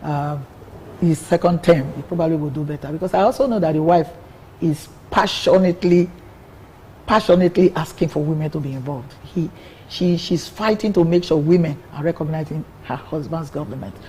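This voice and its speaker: A woman's voice: low voice, a little fast, warm tone, slightly rough, rough recording. An older woman, a politician answering interview questions in an earnest way, often repeating words as she builds her point. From Nigeria.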